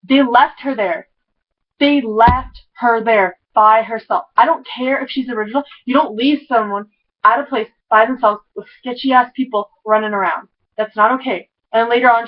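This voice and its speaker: A woman giving an excitable, rambling recap of a TV episode, full of "like" and tangents. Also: medium pitch, muffled recording. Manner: excitable, rambling, heavy use of "like". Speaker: TV episode reviewer. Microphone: camera mic.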